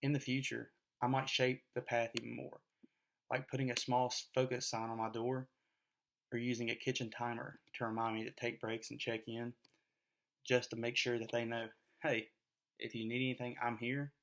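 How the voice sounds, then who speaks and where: Flat, earnest man reading a presentation. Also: mid-range voice, moderate pace, vocal fry. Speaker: student presenting a class assignment; parent. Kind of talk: scripted first-person presentation.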